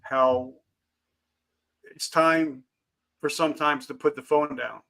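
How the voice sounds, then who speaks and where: Male interview host, slightly high, bright voice, encouraging and conversational with his guest. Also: steady tone, takes it slowly, vocal fry. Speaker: podcast host. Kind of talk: interview questions.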